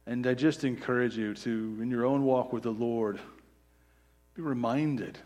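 A man's voice: medium pitch, a little mellow. Earnest male pastor preaching a sermon. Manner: earnest, emphatic preaching with swelling intensity. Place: church sanctuary.

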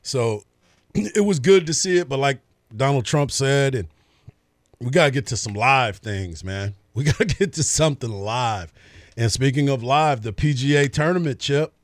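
A man co-hosting a sports radio show in casual chat, laid-back and agreeable, often answering with a quick "right.". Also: medium pitch, lively intonation, no echo, studio quality.

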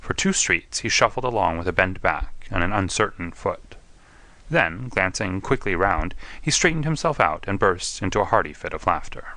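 Low-voiced man reading a story, bright tone, dry close mic. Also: expressive, moderate pace, dry recording. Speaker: audiobook narrator. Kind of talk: first-person story narration.

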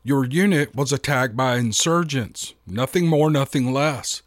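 A man's voice: medium pitch, a little slow, dry recording, studio quality, natural voice. A man voicing a cold, stern male government official in a story, with a clipped, commanding delivery.

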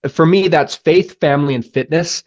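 A man's voice: fairly high pitch, normal speed, darkish tone, muffled recording. A man speaking as a guest on a podcast interview, earnest and reflective, telling a personal story with frequent restarts. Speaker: guest musician.

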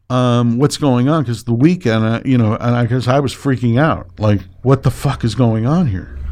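A middle-aged man telling a personal story as a guest, emotional and animated, swearing and tripping over his words. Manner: animated and emotional, swings high when excited. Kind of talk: casual storytelling.

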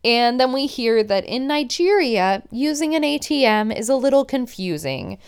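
A woman's voice: a little high, big pitch swings, normal speed, clean tone. A young woman hosting a podcast, chatting casually and opinionatedly as she recaps a show. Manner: chatty, opinionated, many "like" fillers.

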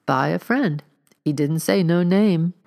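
A woman reading the part of a meek, dingy young housemaid who answers in short, plain-spoken replies, pitched higher than her narration. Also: a little slow, vocal fry, darkish tone.

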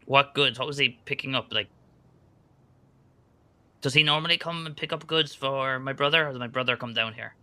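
Man doing a wary young dude, tense bright voice, quick questions. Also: medium pitch, no echo. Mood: curious. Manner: casual, quick questions, stammers. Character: young man searching for his brother, wary.

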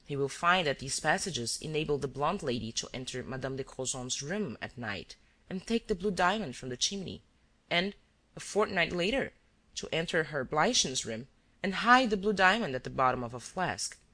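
A reader voicing a male detective who is cool and relentless, laying out accusations calmly and evenly. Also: medium pitch. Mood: measured. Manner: calm, measured accusations.

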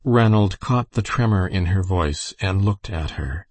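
A man reading a novel aloud as an audiobook narrator, with steady, unhurried storytelling. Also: deep voice, no echo. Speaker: audiobook reader. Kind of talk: scripted narration.

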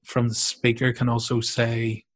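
A man's voice: mid-range voice, monotone, a little slow. Eager man chatting in a casual conversation. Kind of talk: casual chat.

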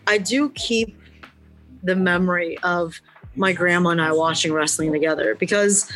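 A woman's voice: fairly low pitch, normal speed, fairly bright tone, soft background music, rough recording. A woman wrestler speaking earnestly and bluntly as a guest in an interview, reflecting on where she came from. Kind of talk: candid interview talk.

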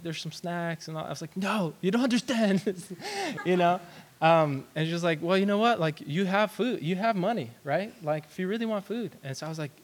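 A young man giving a casual sermon to a youth group, telling a personal story in an animated way with lots of "um" and "like". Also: a little high. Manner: animated storyteller, many fillers like "um" and "like". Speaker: youth pastor.

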